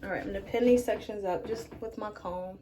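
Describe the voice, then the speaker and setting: A woman's voice: mid-range voice, steady tone, a little fast, dark tone, slight background noise. A woman vlogger chatting casually through a hair care tutorial, talking straight to her viewers. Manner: chatty, addresses viewers as you guys. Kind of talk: casual tutorial talk to camera.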